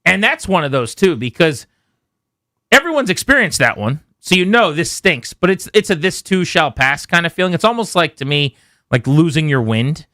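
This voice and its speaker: Bright-voiced male radio host. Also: fairly high pitch, very animated, moderate pace, no echo, studio quality. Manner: chatty, self-interrupting. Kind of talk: casual chat. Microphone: studio microphone.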